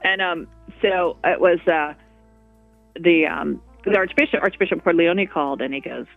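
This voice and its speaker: A woman's voice: on the low side, moderate pace, creaky, dry recording, faint music behind. A woman guest in a radio interview, talking in a rambling way with many restarts. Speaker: guest, walk co-founder. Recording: dull lo-fi radio audio.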